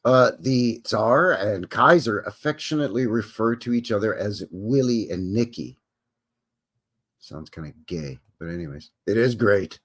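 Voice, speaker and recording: A livestream host with a lowish, fairly bright voice reads an article aloud in an animated but unhurried way. He keeps breaking off into casual, rambling asides packed with fillers.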